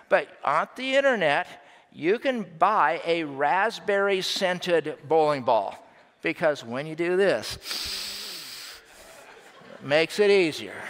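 A male pastor delivers a relaxed, humorous sermon, talking to his congregation as if chatting with friends. His voice sits slightly higher than most men's. The church reverb trails after every phrase. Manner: conversational, joking, checks in with "all right?" and "okay?". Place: church sanctuary.

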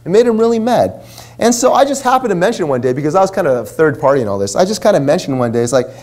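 A man's voice: fairly high pitch, sing-song, racing, darkish tone. A man in his forties, a minister, telling a story in a sermon in a casual, chatty way full of asides. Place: church.

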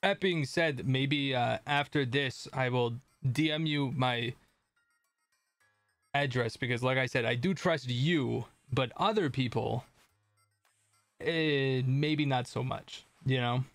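A man's voice: medium pitch, slow pace, fairly bright tone, dry recording, soft background music. A man streaming a video game, chatting casually with viewers in a rambling, self-deprecating way and swearing at the game. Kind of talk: casual gameplay commentary.

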